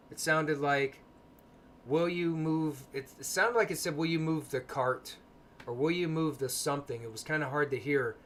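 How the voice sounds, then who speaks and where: Soft-spoken man hosting a livestream. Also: mid-range voice, slight background noise. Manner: soft-spoken, hesitant with many ums. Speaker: paranormal livestream host. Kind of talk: casual livestream talk.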